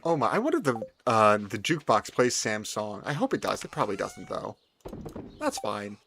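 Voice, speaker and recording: A man's voice: on the low side, moderate pace, vocal fry, over music. A man giving casual, playful commentary while he plays a farming video game. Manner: animated, playful, chatty. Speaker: gaming video host.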